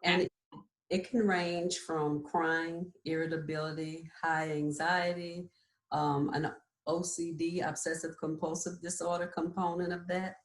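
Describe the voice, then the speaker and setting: A woman's voice: lowish voice, flat delivery, unhurried. A woman in her forties, a nurse practitioner, earnestly explaining and sharing her own story, often checking in with "right?". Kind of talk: candid personal storytelling. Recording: roomy echo.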